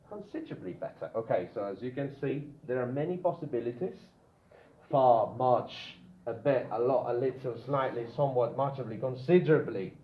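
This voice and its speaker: A man teaching an English grammar class, animated and repetitive, checking in with "yeah?" after nearly every point. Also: medium pitch, echoey room, muffled recording.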